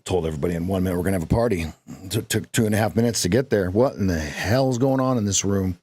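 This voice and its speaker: A man's voice: lowish voice, a little mellow, breathy edge, no room sound. A man hosting a live trading stream, talking in a casual, playful, jokey way with lots of emphasis.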